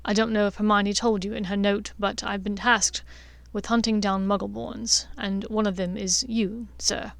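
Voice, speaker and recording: A woman voicing a serious young wizard, earnest and measured in a slightly lowered voice. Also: little pitch movement, gravelly, no echo, natural voice.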